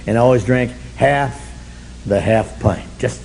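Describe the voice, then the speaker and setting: An older man speaking at a recovery meeting, telling his story in an animated, self-mocking way and breaking into shouts for emphasis. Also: medium pitch, unhurried, gravelly, a little hiss or hum, poor audio.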